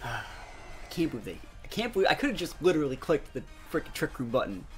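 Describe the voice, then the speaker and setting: A young man commentating his own gameplay live, talking to his chat with sudden loud outbursts. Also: on the high side, sing-song, quick pace. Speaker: gaming streamer. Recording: faint music behind voice.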